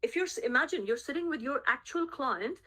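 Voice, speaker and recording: A woman leads a sales team through a coaching call in a voice pitched a touch high. She speaks emphatically, hammers her key points home by repeating them, and keeps asking the team whether they are following. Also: expressive, brisk, a bit bright. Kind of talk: coaching session on a group call.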